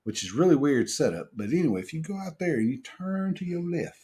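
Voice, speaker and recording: A man's voice: on the high side, brisk. Folksy man telling stories. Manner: animated storytelling, laughs often, folksy. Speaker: co-host. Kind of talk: casual live-stream chat.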